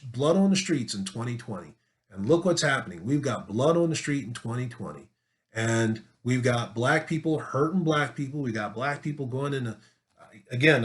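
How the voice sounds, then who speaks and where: Guy ranting his opinion to camera, emphatic, keeps repeating words, asks lots of rhetorical questions, medium pitch. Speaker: political commentator.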